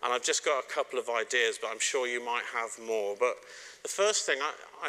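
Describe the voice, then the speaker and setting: A middle-aged man gives a sermon on marriage, speaking straight to the congregation and joking now and then. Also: mid-range voice. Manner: warm, joking, direct address to the congregation. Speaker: preacher.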